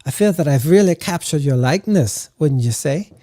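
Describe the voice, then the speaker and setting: A man voicing an ageless, seductive woman portrait painter with a put-on French accent and a coaxing, flattering lilt, raising his voice higher. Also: moderate pace.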